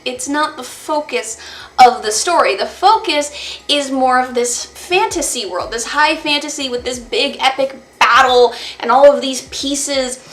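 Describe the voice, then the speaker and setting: A woman's voice: a little high, fairly bright tone, reverberant. Chatty, sarcastic woman reviewing a book. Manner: chatty and sarcastic, recounts plot with quick asides and mock-dramatic quotes. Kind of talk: casual book review monologue.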